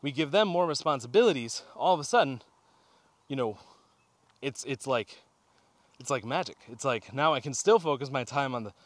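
A man's voice: medium pitch, moderate pace, long pauses, dry recording. A man hosting a casual motivational talk while out on a walk, getting slightly out of breath, addressing listeners as guys. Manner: energetic, talks to listeners as guys. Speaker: podcast host. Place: outdoors on a walk.

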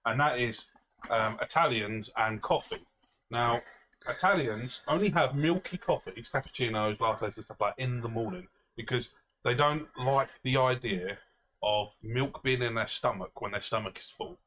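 A man's voice: mid-range voice, normal speed, a bit bright. Male podcast co-host, casual storyteller, self-mocking and sweary, faint background noise. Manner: rambling, self-mocking, swears freely, laughs often.

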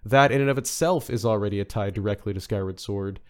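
A man talks casually on a podcast, his voice sitting fairly low. He rambles through his points, full of "you know" and restarts. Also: fast talker, clean tone. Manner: rambling, many fillers and restarts. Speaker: podcast guest.

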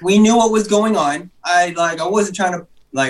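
Man as podcast guest, fairly high voice, short quips and laughter. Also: moderate pace, slight background noise. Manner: chimes in with short replies and laughs. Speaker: podcast guest, basketball player. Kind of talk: casual chat.

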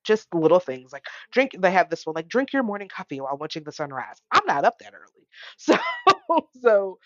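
A woman co-hosting a podcast in casual chat, talking haltingly with lots of fillers. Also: on the low side, very animated, no echo, highs cut off. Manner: halting, filler-heavy, quotes family in little voices. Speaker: podcast co-host.

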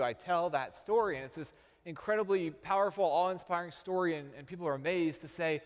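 Pastor preaching in a reverberant sanctuary. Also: male voice, a little high, fairly quick. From Texas. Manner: storytelling with self-deprecating humor. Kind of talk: sermon.

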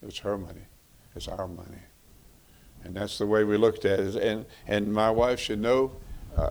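A middle-aged man delivers a sermon in a folksy, conversational manner, often repeating himself for emphasis. His voice sits low and carries a gravelly rasp. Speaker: preacher. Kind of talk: sermon on marriage.

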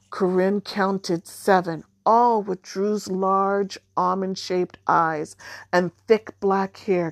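A woman reads a children's storybook aloud at a slow, measured pace. Her voice sits fairly low, and the recording is dry and close with no room sound. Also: no room sound. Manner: measured, even reading. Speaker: audiobook narrator. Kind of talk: storybook narration.

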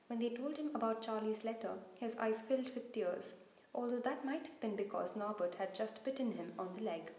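A woman reading a children's novel aloud in an expressive storytelling manner, in a roomy-sounding recording. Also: on the high side, moderate pace. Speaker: reader. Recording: roomy echo.

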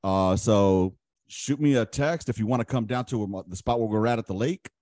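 A man's voice: on the low side, moderate pace, a little mellow, dry recording, clean studio sound. A man hosting a podcast, chatting casually in a blunt, profane, questioning way. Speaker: podcast host. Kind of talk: casual chat.

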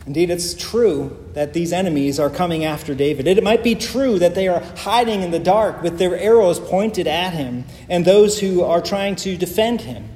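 High-voiced man preaching in an echoey hall. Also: a little mellow, a little hiss or hum. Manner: earnest, emphatic preaching with pauses. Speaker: pastor. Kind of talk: sermon. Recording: echoey hall with faint ambience.

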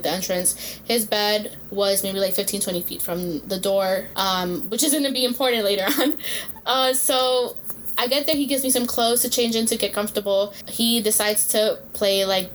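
A young woman in her twenties telling a story in casual chat, animated and swearing, acting out quotes. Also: medium pitch, moderate pace, slight background noise.

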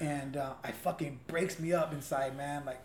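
A man's voice: fairly high pitch, fairly even intonation, moderate pace, darkish tone. A man in his forties talking candidly in a casual conversation, earnest and open, swearing freely. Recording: roomy echo, faint hiss.

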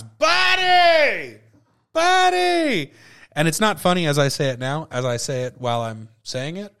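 A man's voice: medium pitch, a bit bright. A tipsy man hosting a solo podcast, rambling loosely and swearing, often cutting himself off. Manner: loose, profane, self-interrupting. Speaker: podcast host.

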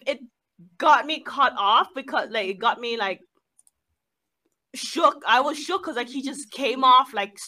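A young woman talking casually with a friend, her voice bright and a little high. She tells stories with animated energy, peppered with swearing and filler "like"s, recorded dry and close. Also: dry recording. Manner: animated storytelling, frequent swearing and "like". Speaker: cashier. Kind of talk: casual chat.

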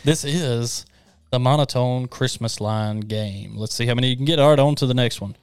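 A man's voice: medium pitch, normal speed, clean tone, no room sound. Playful man hosting a chat. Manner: playful, laughs often, reads lines in a flat monotone. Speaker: podcast co-host. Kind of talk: casual chat, running a quiz game.

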